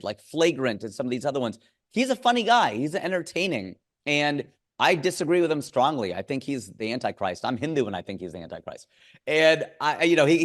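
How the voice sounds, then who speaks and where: A man, a comedian, chatting as an interview guest, quick and joking, riffing with asides. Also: medium pitch. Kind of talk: casual interview chat. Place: California.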